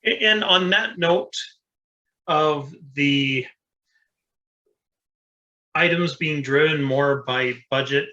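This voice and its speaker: A man's voice: medium pitch, sharp tone, lo-fi sound. A man co-hosting a casual engineering discussion, talking plainly and practically with some fillers. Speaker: co-host.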